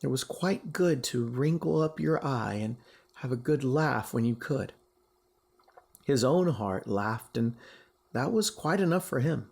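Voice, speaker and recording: A teacher reading a classic story aloud to his class. His delivery is slow and very expressive, rising and falling widely, with a gravelly, somewhat husky voice. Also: mid-range voice.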